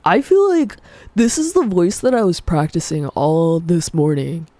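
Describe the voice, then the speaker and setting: This is a woman putting on a low, deep female voice, well below her own. It drawls slowly and hesitantly, trailing off, with a lively rise and fall. The sound is dry and close. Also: no echo. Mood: musing. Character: deeper-voiced young woman, calm and low. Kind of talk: live stream chat.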